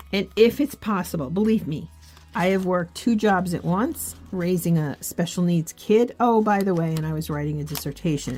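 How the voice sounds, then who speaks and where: Middle-aged woman, devotional vlogger, unhurried earnest delivery, lowish voice over quiet music. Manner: earnest, encouraging, reads scripture aloud. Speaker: faith journaling vlogger. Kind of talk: heartfelt devotional chat.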